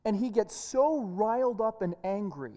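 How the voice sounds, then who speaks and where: A woman's voice: medium pitch, lively intonation, a little slow, mellow. A woman pastor preaching a sermon in an earnest way, often repeating and restarting words. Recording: echoey hall reverb.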